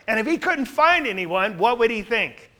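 A man teaching the Bible in a sermon style, emphatic and animated, swinging from loud declarations to quiet asides. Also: high-pitched, moderate pace.

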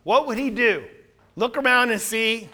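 High bright-voiced guy preaching, super emphatic, gets loud then quiet. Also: measured pace. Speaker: Bible teacher. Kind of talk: sermon-style Bible teaching.

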